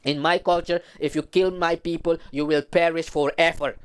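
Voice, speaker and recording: Man, fairly high pitch, smooth clear voice, emphatic ranting commentary. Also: steady tone, normal speed. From Suriname. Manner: emphatic, heated, preachy.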